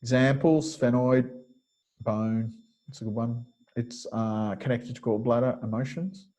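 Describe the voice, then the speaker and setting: A man's voice: medium pitch, steady tone, measured pace, mellow, low-quality recording. A man teaching a webinar lecture over a video call, explaining step by step and thinking aloud with frequent fillers. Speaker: kinesiology teacher.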